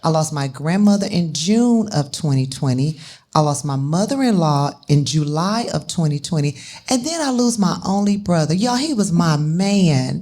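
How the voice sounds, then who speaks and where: A woman's voice: on the low side, dark tone. A woman co-hosting a live talk show, speaking heartfelt and emotionally about grief. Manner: heartfelt, tearful at times. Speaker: co-host.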